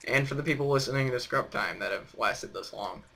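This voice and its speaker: A man's voice: mid-range voice, fairly quick, gravelly, bright, forceful tone. A young man hosting a casual chat on a voice call, rambling and teasing with lots of fillers. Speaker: host.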